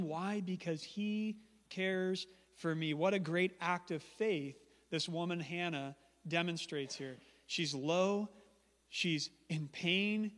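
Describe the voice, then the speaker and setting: A man's voice: high-pitched, a bit bright. A male pastor preaching a sermon in a church, conversational and emphatic with humorous asides. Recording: long church hall reverb.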